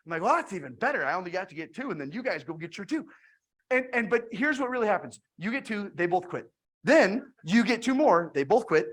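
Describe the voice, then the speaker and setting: Woman, direct-sales trainer, mid pitch, excited anecdotal delivery, trips over her words. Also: brisk. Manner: energetic storytelling with frequent restarts. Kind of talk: motivational sales talk with retold conversations.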